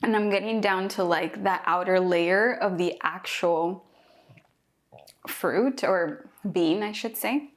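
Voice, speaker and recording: A young woman from Mexico, chatty and excited, thinking aloud while tasting a fruit for a food vlog. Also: medium pitch, slow pace. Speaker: cooking vlogger. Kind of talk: casual first-impressions tasting vlog.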